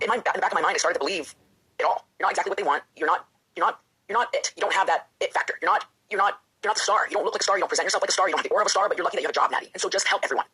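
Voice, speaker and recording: Her voice sits on the low side, husky and breathy, pushed and bright, and she talks fast. This guest, a pro wrestler and author, gets open and emotional in the interview, frequently voicing her own inner doubts aloud.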